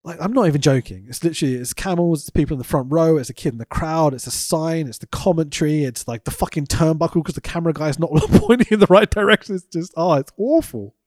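A man's voice: a little high, fast talker, hardly any pauses, a little mellow, dry recording, clean studio sound. A man co-hosting a wrestling podcast, sweary and laughing often in casual review chat.

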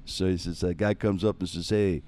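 A Pittsburgh man with a notably deep voice hosts a podcast, telling funny stories in a casual, animated way. He acts out the voices of the people in his anecdotes and laughs along, speaking a little fast.

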